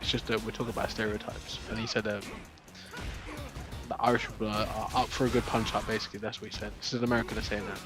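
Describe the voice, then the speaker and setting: A man's voice: on the low side, flat delivery, fast, music in the background. A man, chatting loosely with viewers on a live stream, full of fillers and restarts. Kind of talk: casual chat with viewers.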